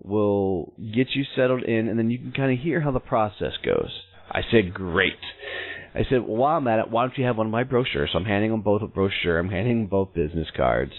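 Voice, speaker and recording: A man in his thirties, a show host telling a personal story in an animated way, acting out the people in it. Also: fairly low pitch, a little fast. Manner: animated, acts out quoted voices in his story. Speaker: podcast host. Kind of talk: storytelling monologue. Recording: tinny phone-like audio.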